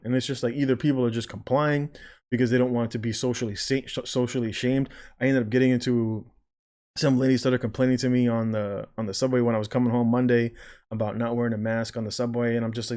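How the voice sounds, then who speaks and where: A man's voice: medium pitch, level tone, quick pace, a little mellow. A man who works as a nurse, talking through video commentary in a casual, sarcastic, rambling way and mimicking the people he disagrees with.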